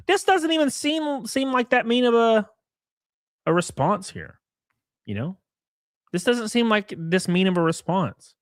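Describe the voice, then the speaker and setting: A man's voice: sits high, sing-song, unhurried, long pauses, no room sound, clean studio sound. A man hosting a casual commentary stream, mocking and profane, who laughs often at what he reads out. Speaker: streamer host.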